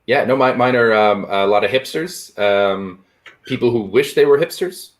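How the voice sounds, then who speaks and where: A man's voice: mid-range voice, moderate pace. A man co-hosting a stream as a comedian, chatting in an easygoing, wry way with dry asides. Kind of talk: casual chat.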